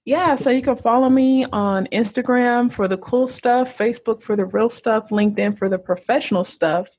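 A woman's voice: a little high, moderate pace, darkish tone, husky, no echo. A young American woman, an entrepreneur, talking earnestly and reflectively as a podcast guest. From United States. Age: young adult. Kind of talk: casual interview chat.

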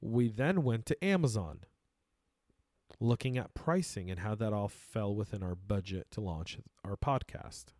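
A man's voice: on the low side, measured pace, a little mellow, no room sound. A man hosting a podcast in a studio, talking casually and emphatically with frequent restarts, a native Arabic speaker. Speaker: podcast host.

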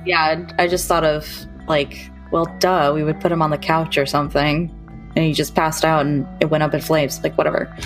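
A woman taking part as a player in a tabletop game, talking in a slow, easygoing way. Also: sits low, flat delivery, soft background music, low-quality recording. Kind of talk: casual tabletop play.

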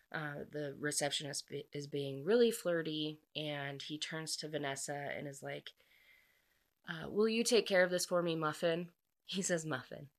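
A woman casually recapping a book's plot, chatty and full of asides, acting out bits of the characters' dialogue. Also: deep voice. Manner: acts out dialogue in lively quoted bits. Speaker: book reviewer.

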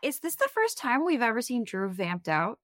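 A woman's voice: a little high, wildly swooping pitch, normal speed, fairly bright tone, no echo. An upbeat young woman chatting casually as a podcast co-host. Her voice is dry and close, with no room around it. She sounds enthusiastic and agreeable. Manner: enthusiastic, agreeable, wraps up the show. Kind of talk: casual rewatch podcast chat.

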